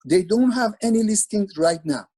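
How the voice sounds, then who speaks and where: A man's voice: high-pitched, expressive, normal speed, dark tone, poor audio. A man speaking as a webinar presenter over a video call, instructing in an earnest, repetitive way with frequent restarts.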